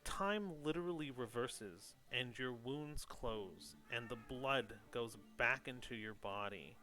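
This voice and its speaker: A man's voice: medium pitch, slow, sharp tone, faint music behind. A man narrating a tabletop game as game master, in a loose, descriptive way. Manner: loose, descriptive, lots of "like" and "kind of".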